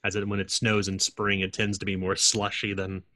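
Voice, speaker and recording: Low-voiced man narrating as game master. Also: monotone, bright, forceful tone. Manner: descriptive, halting with many fillers.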